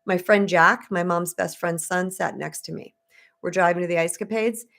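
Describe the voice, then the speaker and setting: A woman in her fifties from the United States speaks to her live audience as a spiritual coach. Her voice sits a little low. She talks in a candid, chatty way and slips into the voices of the people she quotes. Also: fairly even intonation, normal speed, creaky, a bit bright. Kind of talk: live-streamed personal storytelling to viewers.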